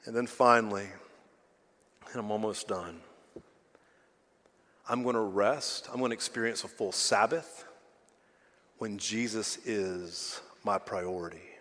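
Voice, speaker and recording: A man, a pastor, preaching to a congregation, swinging from loud emphasis to hushed lows and talking directly to the people. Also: slow, pauses often. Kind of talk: sermon. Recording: reverberant hall, faint music behind.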